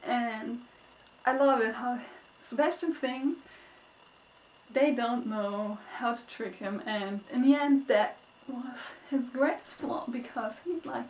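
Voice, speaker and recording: A young woman reviewing a book in a casual vlog, gushing and excitable, swinging between squeals and sad murmurs. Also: slow pace, a little hiss or hum. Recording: echoey, distant, low-quality webcam audio.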